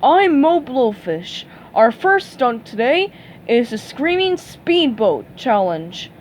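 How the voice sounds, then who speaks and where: A woman's voice: fairly high pitch, very animated, slow, slight background noise. A woman voicing a showy male fish announcer on a game show in a storybook reading.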